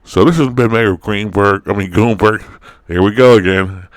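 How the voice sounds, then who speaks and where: A man's voice: fairly low pitch, moderate pace, no room sound. A man hosting his own commentary vlog, talking in a blunt, profane, lecturing way. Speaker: host of an online commentary show. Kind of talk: opinion vlog monologue.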